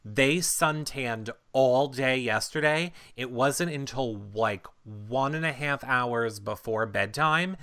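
A man hosting a casual chat, retelling events in an animated way with lots of fillers. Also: medium pitch, slow pace, few pauses, smooth. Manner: animated storytelling with many fillers. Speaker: reality show recap host.

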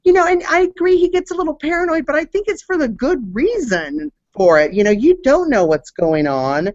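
A man's voice: extremely high pitch, very animated, a little fast, darkish tone, no room sound. A man co-hosting a casual recap chat, chatty and agreeable. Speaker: co-host. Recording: slightly muffled dry audio.

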